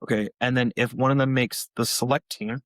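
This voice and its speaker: A man in his thirties, a podcast co-host and youth softball coach, chatting casually and acting out quotes in a raised voice. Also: mid-range voice, fairly quick, no room sound. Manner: animated, acts out quotes in a raised voice. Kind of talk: casual chat.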